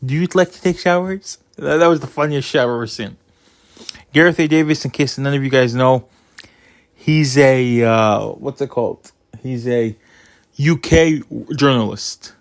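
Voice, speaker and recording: A man giving his opinionated casual commentary on a boxing result, getting animated as he retells funny moments. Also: mid-range voice, dry recording.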